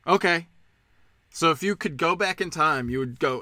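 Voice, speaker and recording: A man's voice: on the high side, normal speed, sharp tone, no room sound, clean studio sound. Sarcastic, profane man ranting. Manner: sarcastic, profane, mocking impressions. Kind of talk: ranting casual monologue.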